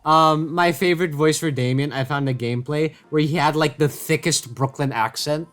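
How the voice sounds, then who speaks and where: A man reading a comedy game aloud with friends, animated and laughing between lines. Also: a little high, normal speed. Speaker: game reader.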